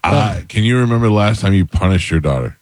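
A man's voice: fairly low pitch, lively intonation, fast talker, darkish tone, no room sound. A middle-aged man in casual chat who asks pointed follow-up questions in a dry way.

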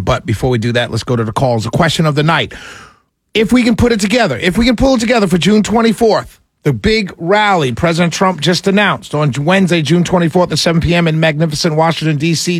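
A talk radio host fields calls in a bright, animated way. His voice sits a bit high for a man and comes across dry and close to the mic. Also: no echo. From Jamaican family roots. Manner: lively, apologetic and chatty with callers.

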